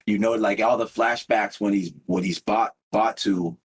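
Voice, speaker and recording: A young man co-hosting a podcast, talking in a halting, slangy way and restarting his sentences often. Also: fairly low pitch, steady tone, husky. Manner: halting, repeats himself, slangy. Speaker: podcast co-host. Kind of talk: casual chat.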